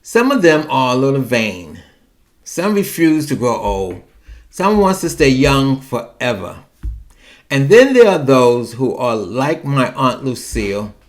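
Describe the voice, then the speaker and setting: Guy hosting his own show, slow drawl, bouncy pitch, wry asides. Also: sing-song. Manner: chatty, wry, digressive. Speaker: podcast host. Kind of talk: monologue about personal fears.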